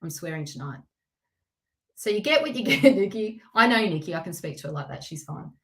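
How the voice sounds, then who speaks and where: A woman hosting a live tarot reading stream, talking to viewers by name in an excitable, chatty way and laughing often. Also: fairly low pitch, fairly quick.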